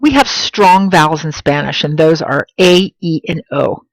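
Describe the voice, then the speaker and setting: A woman teaching a Spanish lesson in English, slowing down to pronounce example words with clear stress. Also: low voice, dry recording, low-quality recording. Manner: slow, emphatic pronunciation of example words. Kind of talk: classroom lesson.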